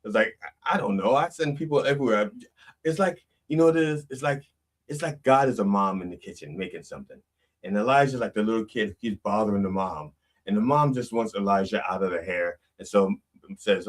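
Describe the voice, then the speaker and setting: A man's voice: mid-range voice, fairly quick, distant mic. A man hosting a comedic sermon podcast, rambling and joking as he corrects himself along the way. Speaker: reverend host.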